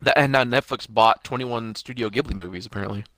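A man casually recapping a cartoon episode to a friend over a voice call, animated and profane. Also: medium pitch, quick pace, no room sound. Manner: animated, profane, laughs while retelling.

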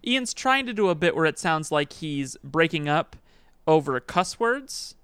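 A man's voice: on the high side, very animated, unhurried, a bit bright, smooth, no room sound. A man co-hosting a podcast, explaining in a dry, wry way. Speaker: podcast co-host. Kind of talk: casual chat.

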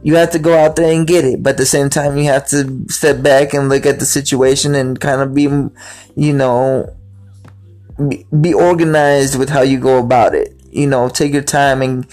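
A man's medium-pitched, slightly mellow voice holds a steady tone and moderate pace as he chats casually about his life. He rambles, repeats words, and acts out quoted greetings, with faint music in the background.

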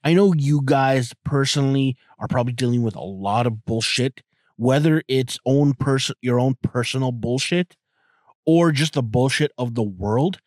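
A man's voice: medium pitch, normal speed, a little mellow, no echo, clean studio sound. A man in his forties hosting a podcast, rambling in a casual, profane monologue full of fillers. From outside the US. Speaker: podcast host.

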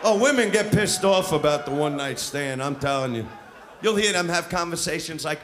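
Brisk and animated, a male comedian works a comedy club stage in a live stand-up set, his delivery brash, crude and swaggering. His pitch is fairly high, and background noise and crowd laughter run through the live recording.

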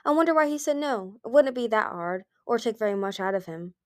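A woman reading the part of an ancient male dragon who speaks gently and politely, with a quiet menace, in an amateur storybook reading. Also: on the high side, expressive, brisk, dry recording, studio quality, close to an everyday voice. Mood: calm.

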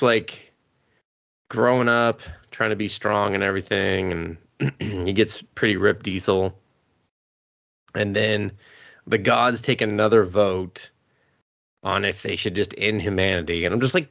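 A man's voice: on the low side, measured pace, gravelly, fairly bright tone, dry recording. A man hosting a podcast, recapping anime in a rambling, profane, casual way while sick with a cough, chuckling often. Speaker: podcast host.

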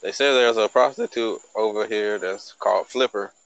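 A man's voice: lowish voice, normal speed, fairly bright tone, smooth, no echo, low-quality recording. A man in casual podcast banter, animatedly telling crude jokes and acting out silly voices. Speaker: podcast guest. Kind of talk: casual chat.

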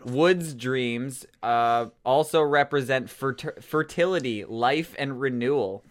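A man co-hosting a podcast, teasing his friend and reading out dream meanings in halting casual chat. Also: medium pitch. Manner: teasing, halting with fillers and restarts. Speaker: podcast co-host.

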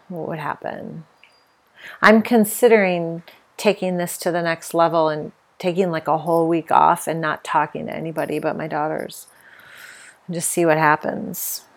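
A middle-aged woman hosts her own podcast in a reflective personal monologue. She speaks candidly and with feeling, often reaching for fillers. Her voice sits slightly low. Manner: candid, emotional, with many fillers. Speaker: podcast host.

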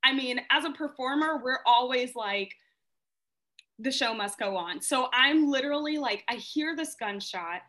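A woman stage actress, a podcast guest, telling stories in casual chat, animated and laughing often, with lots of "like". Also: high-pitched, moderate pace.

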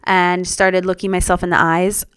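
A young woman telling her personal story as a podcast guest, earnest and reflective, in a soft-spoken way. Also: lowish voice, level tone, moderate pace, clean tone, no room sound.

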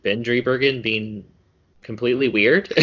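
A man's voice: mid-range voice, slow, fairly bright tone, slightly rough, highs cut off. A man co-hosting a podcast in casual chat, talking loosely with lots of fillers and frequent laughter. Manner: laughs often, chatty with many fillers. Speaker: podcast co-host.

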